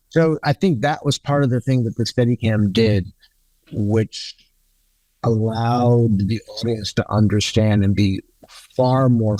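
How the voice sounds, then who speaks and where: Older-sounding man telling lively film-set stories. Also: mid-range voice, no room sound. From New York. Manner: storytelling, swearing, acts out quotes. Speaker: guest cinematographer. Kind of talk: casual anecdotal interview.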